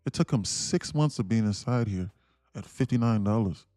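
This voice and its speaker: A young man hosts a live day-trading stream with a dark, mellow voice. He pushes his points emphatically, repeats himself and laughs between lines. The sound is dry and close, with faint music underneath. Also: fairly low pitch, lively intonation, normal speed, no room sound. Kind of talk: livestream rant and trading commentary.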